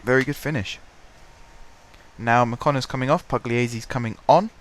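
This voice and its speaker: A man's voice: medium pitch, normal speed. Stuffy-voiced man commentating a game. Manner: chatty, self-deprecating, clears his throat often. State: stuffy, blocked-up voice. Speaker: gaming commentator. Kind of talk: casual let's-play commentary.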